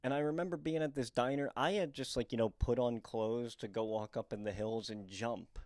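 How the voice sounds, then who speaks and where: A man's voice: mid-range voice, normal speed, a little mellow, no room sound, studio quality. A young adult man from the northeastern United States, a comedian telling candid personal stories in a rambling, self-deprecating way with many fillers. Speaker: comedian and storyteller. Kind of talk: candid storytelling monologue.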